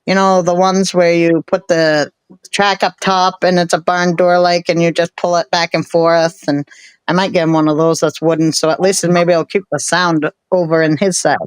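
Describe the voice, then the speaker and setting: A woman's voice: on the low side, little pitch movement, normal speed, clear, resonant tone, dry recording. A woman in her forties chatting casually on a live stream, rambling and laughing often. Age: 40s.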